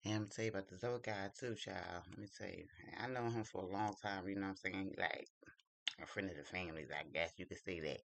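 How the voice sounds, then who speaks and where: A man's voice: sits low, steady tone, quick pace, gravelly, fairly bright tone, no echo. A man vlogging at home while doing his makeup, telling a dating story in a gossipy, confiding way. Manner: gossipy and confiding, drawls "child" often. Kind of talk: casual storytelling chat.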